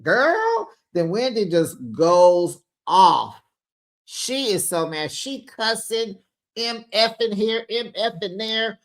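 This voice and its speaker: Chatty recap host, casual commentary, acts out quotes, mid-pitched voice, calls listeners besties. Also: slow. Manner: chatty, retells scenes acting out quotes; addresses listeners as besties and honey. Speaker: reality show recap host.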